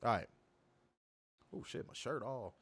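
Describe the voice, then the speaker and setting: A young man co-hosting a wrestling review livestream, reading chat comments and trash-talking in a profane, animated way. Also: mid-range voice, unhurried, husky. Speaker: wrestling podcast co-host.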